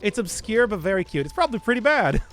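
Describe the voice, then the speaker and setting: A man's voice: high voice, sing-song, fast talker, fairly bright tone. A male streamer in casual live-stream chat, reading viewer requests with wry, teasing banter.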